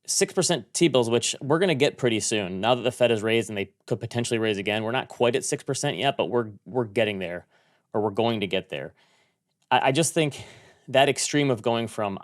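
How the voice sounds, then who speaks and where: A man co-hosting a finance podcast, explaining things briskly in casual chat and repeating words. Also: mid-range voice. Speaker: podcast co-host.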